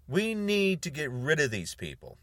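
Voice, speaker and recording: A man's voice: on the high side, wildly swooping pitch, moderate pace, a bit bright, dry recording. A man of about sixty delivering a heated monologue to camera, repeating words for emphasis and stretching out key words. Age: 60s. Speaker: video blogger.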